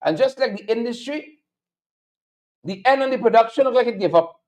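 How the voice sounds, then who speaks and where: Male host with a Guyanese accent, high and animated, sarcastic political commentary. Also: moderate pace. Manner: sarcastic, mocking, repeats lines for emphasis. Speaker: show host.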